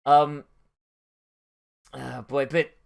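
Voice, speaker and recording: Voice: mid-range voice, little pitch movement, drawn-out words, vocal fry, a little mellow. An anime watch-along host giving casual, profane commentary that wanders into long tangents. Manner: profane, rambling and tangential storytelling.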